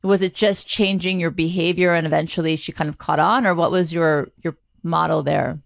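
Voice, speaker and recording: A woman host with a low, gravelly voice asks her guest relaxed follow-up questions. She slips easily into telling stories from her own past and keeps the tone conversational. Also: normal speed. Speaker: podcast host. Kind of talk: conversational interview.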